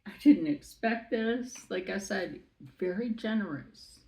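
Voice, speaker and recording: A woman chatting through a makeup unboxing, excitable and rambling, with many asides. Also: medium pitch, a little slow, rough recording. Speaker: beauty vlogger. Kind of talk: casual unboxing chat.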